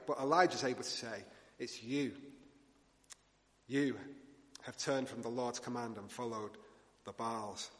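Man, sermon preacher, conversational asides, animated quoting, middle pitch, long hall reverb. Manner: animated storytelling, acting out quoted lines. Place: church hall with congregation.

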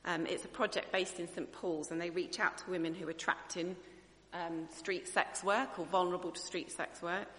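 A woman preaches an earnest, conversational sermon, often pausing to think aloud. Her voice is lowish and sharply bright. A long reverb from the church hall surrounds her. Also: fairly even intonation.

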